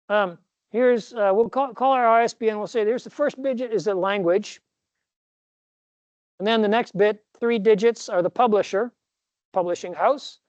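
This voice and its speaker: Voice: medium pitch, darkish tone, no echo. Rambling professor in a dull recording. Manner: rambling, self-correcting, jokey asides. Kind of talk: recorded classroom lecture.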